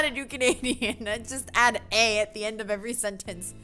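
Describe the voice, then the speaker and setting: Bright-voiced woman streamer. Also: mid-range voice, normal speed, faint music behind. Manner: playful, reads every character in funny voices. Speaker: streamer playing a dating game. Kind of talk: reading game dialogue aloud with commentary.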